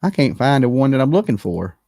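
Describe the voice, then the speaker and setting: A livestream host giving animated, blunt and profane commentary, talking straight to the chat and opening call-in lines. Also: mid-range voice, quick pace, no room sound, studio quality. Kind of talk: live-stream commentary with call-ins.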